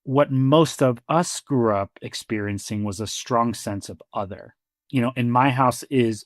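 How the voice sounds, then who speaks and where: A man speaking as a therapist in a relaxed podcast conversation, his voice sitting in an ordinary middle pitch. He tells stories reflectively, slipping into the lines of the people he quotes and filling gaps with "you know" and "like." The sound is close and dry, with no room around it. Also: a little slow, no room sound. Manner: reflective storyteller who acts out quoted dialogue, with frequent "you know" and "like".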